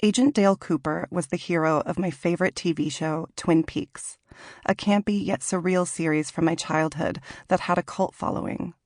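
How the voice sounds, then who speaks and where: A woman in her late thirties from Washington in the Pacific Northwest, reading her own memoir aloud in a measured, reflective way. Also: on the low side, darkish tone, no echo, studio quality. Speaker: author narrating her memoir. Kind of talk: audiobook memoir narration.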